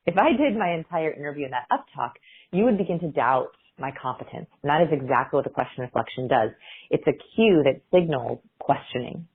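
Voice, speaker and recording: A woman's voice: low voice, expressive, fast talker, breathy edge. A woman guest researcher explaining communication cues in an interview, demonstrating intonation as she talks. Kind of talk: interview clips. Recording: phone-like line.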